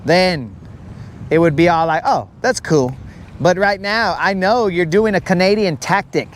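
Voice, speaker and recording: His voice sits high, with slight background noise, as this man runs a live fishing stream from a boat on a lake. He keeps things casual and joking, addressing and teasing viewers by name and taking long detours in conversation.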